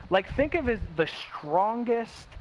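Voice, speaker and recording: Animated young man, blunt and profane. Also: extremely high pitch. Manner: blunt, heavy swearing, quick quoted voices, restarts. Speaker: streamer telling a personal story. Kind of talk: casual storytelling. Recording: dull lo-fi with faint hiss.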